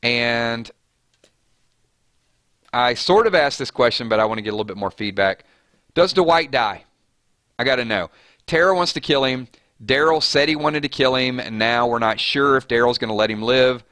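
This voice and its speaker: A man's voice: mid-range voice, normal speed, pauses often, no room sound, clean studio sound. A man hosting a casual live stream, chatting loosely and reading out viewer comments, his voice jumping up on names and questions. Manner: animated, voice jumps up on names and questions.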